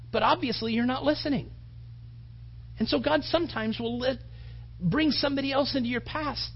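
A man's voice: sits high, breathy edge, muffled recording. A male pastor preaching a sermon in an earnest, emotional, conversational way.

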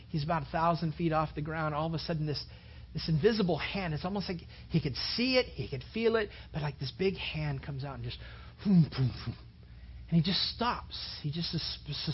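Brief: male pastor, sermon, husky, fairly high, muffled recording. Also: fairly quick. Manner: conversational, repeats words, builds to emphatic.

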